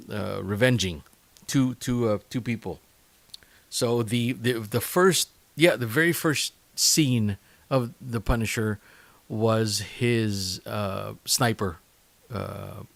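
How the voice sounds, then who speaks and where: Male podcast host, mid-range voice, halting and chatty delivery, dry recording. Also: mid-range voice, no room sound. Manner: halting, many fillers and restarts; chatty and enthusiastic. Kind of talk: casual solo podcast talk.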